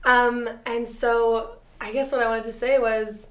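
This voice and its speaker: A woman's voice: a little high, flat delivery, measured pace. A woman hosting a casual podcast, chatty and curious, asking questions and laughing easily. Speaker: podcast host.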